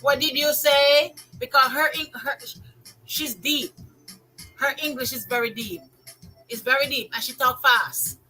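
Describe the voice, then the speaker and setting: An older Jamaican woman tells stories straight to her viewers in a casual, lively way, doubling up her phrases for emphasis and sliding into patois. Her voice sits high and sounds bright and ringing. Soft music plays faintly behind her. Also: measured pace, pauses often, rough recording. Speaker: vlogger. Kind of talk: casual storytelling monologue.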